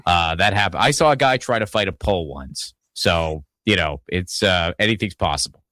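Low-voiced profane podcast host. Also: male voice, expressive, moderate pace, sharp tone, no room sound, studio quality. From Pittsburgh, Pennsylvania. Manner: rambling, profane, full of restarts and asides. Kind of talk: casual political chat.

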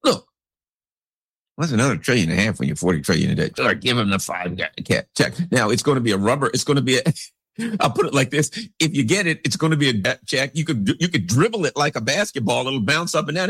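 A man's voice: mid-range voice, expressive, fast, fairly bright tone, husky, no room sound, clean studio sound. A man delivering a rambling, sarcastic political commentary monologue as host.

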